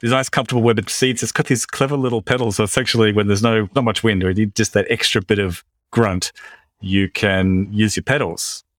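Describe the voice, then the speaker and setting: An Australian man hosting a podcast in casual chat, relaxed, chuckling easily, with a dry, understated way of putting things. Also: fairly low pitch, fairly quick, dry recording. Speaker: podcast host.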